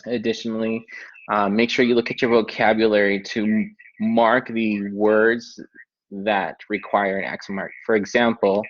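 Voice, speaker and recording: A man teaching a Spanish class online, explaining tasks in a relaxed way with many filler ums. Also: on the low side, unhurried. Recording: dull lo-fi online lesson audio.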